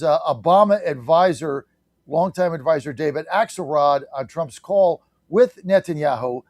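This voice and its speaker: A male talk radio host with a fairly high voice delivers blunt, fired-up opinion and doesn't mind salty language. The sound is dry and close to the mic. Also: darkish tone, dry recording.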